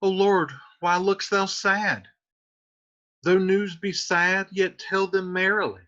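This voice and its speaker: A man's voice: sits high, fairly even intonation, slow, sharp tone, voice pushed up, heavily acted. A man voicing an impatient young girl in love, pleading and insistent as he reads the lines aloud in a lesson. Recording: muffled lo-fi recording.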